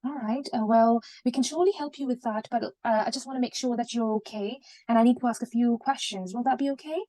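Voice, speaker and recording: A woman role-playing a junior doctor, speaking gently and reassuringly with many okays. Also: fairly high pitch, fast talker, no echo, close to an everyday voice.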